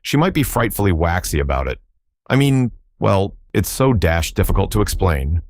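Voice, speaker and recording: A man's voice: low voice, big pitch swings, moderate pace, darkish tone. A man voicing a nervous, apologetic upper-class young man who stammers and bumbles through his words. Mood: flustered.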